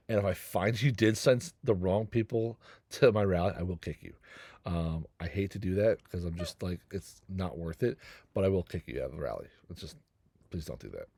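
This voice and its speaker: Low-voiced middle-aged male game-guide host, rambling and self-mocking, dry close recording. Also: darkish tone, no room sound. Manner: rambling, jokey, self-deprecating. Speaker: gaming channel host. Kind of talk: casual game guide commentary.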